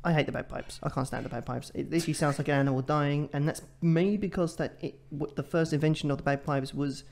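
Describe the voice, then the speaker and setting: Fast-talking joking man, higher voice. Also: creaky. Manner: rambling, jokey, excitable. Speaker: podcast co-host. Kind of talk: casual chat.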